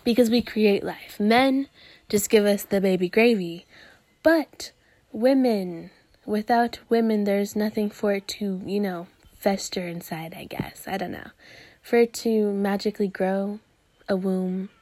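A woman's voice: medium pitch, a little slow, mellow, no room sound. A woman hosting a podcast, ranting in a crude, profane, casual way, full of groans and disgusted sighs. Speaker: podcast host.

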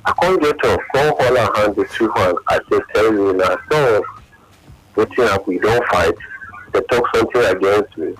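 A man's voice: fairly low pitch, low-quality recording. Nigerian man telling a heartbreak story. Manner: halting, tearful retelling in pidgin-laced English. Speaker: caller. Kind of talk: emotional phone-in story.

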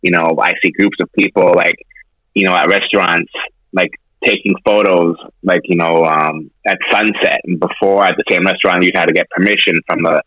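Deep guy calling in over video, rambly, dry sound. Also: fairly even intonation, normal speed, sharp tone, no room sound, poor audio. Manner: rambling, lots of fillers and restarts. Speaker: podcast co-host. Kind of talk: casual podcast chat. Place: remote, on a call from Hawaii. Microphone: video call.

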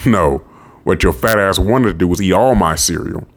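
A man reading an audiobook and voicing a raspy, crude, scornful middle-aged bully, with lines that snap and sneer. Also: low voice, moderate pace. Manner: sneering, snapping, roaring. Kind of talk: audiobook character voice.

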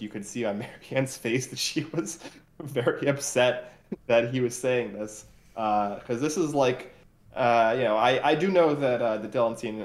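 A man co-hosting a casual recap discussion, talking in a hesitant way with many filler sounds. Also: mid-range voice. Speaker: podcast co-host. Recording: roomy echoey room.

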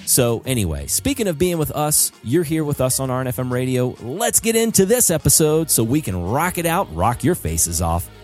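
A man's voice: medium pitch, very animated, normal speed, few pauses, a little mellow, faint music behind. A man hosting a podcast in an upbeat, hyped-up casual chat, on a studio podcast mic. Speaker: podcast host.

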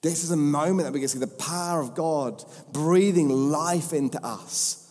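A man's voice: mid-range voice, a little mellow. Guy preaching, fired up and repeating himself for emphasis, big echoey hall. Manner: impassioned, repetitive emphatic phrasing. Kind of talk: sermon. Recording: long hall reverb.

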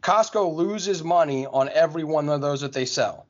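A man co-hosting a podcast, explaining something patiently step by step, with small restarts and an easy chuckle. His voice sits a little high. The recording is dull and lo-fi. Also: moderate pace. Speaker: podcast co-host. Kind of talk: casual podcast chat. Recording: dull lo-fi audio.

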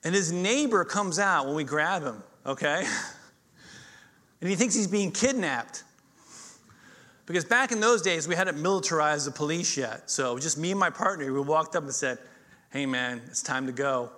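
A middle-aged male pastor preaching a sermon, telling stories with swings between loud emphasis and quiet intensity. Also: fairly high pitch, expressive, moderate pace.

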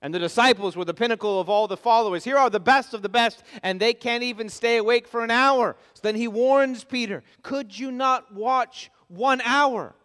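A man's voice: extremely high pitch, brisk, hardly any pauses, fairly bright tone, smooth. A pastor preaching an expository sermon, earnest and emphatic as he stresses his key points. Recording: long reverb of a large hall.

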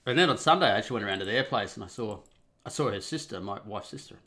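A man talks through a personal story in a loose, rambling monologue. His voice sits fairly low but sounds bright and sharp, and his tone stays wry and profane throughout. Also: expressive, rapid-fire. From Australia.

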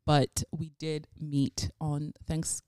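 A woman's voice: sits low, little pitch movement, slow pace, a little mellow, no echo, clean studio sound. A young woman guest-interviewing on a podcast, bubbly and giggly, chatting in long run-on stretches. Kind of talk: casual podcast chat.

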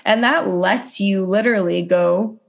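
A young woman co-hosting a podcast, talking casually and chattily with lots of "like" and animated asides. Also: mid-range voice, a little slow, vocal fry. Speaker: podcast co-host, dietitian.

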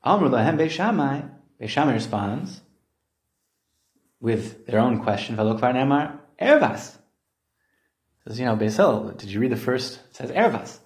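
A man giving a Talmud study lesson, explaining lively and acting out the quoted voices. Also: mid-range voice, moderate pace. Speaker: Talmud teacher. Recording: roomy echo.

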